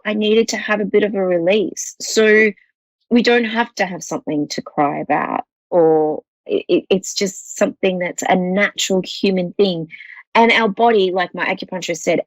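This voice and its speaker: A woman's voice: lowish voice, moderate pace, no room sound, low-quality recording. A woman with an Australian accent hosting a psychic call-in show, talking in a rambling, reassuring way with many restarts. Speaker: psychic medium host.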